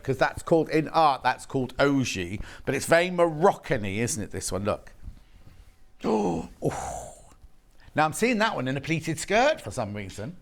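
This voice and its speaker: His voice a little high and a bit bright, a man presents live shopping TV from a studio. Between chatty praise for the fabrics, he kids around with the crew behind the camera.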